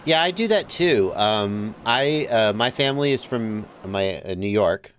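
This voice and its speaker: A man who grew up in Georgia hosting a livestream, chatting casually, laughing easily and trailing off quietly. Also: on the low side, lively intonation, unhurried, a little hiss or hum. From Georgia, US South. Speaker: livestream host. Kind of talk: casual chat.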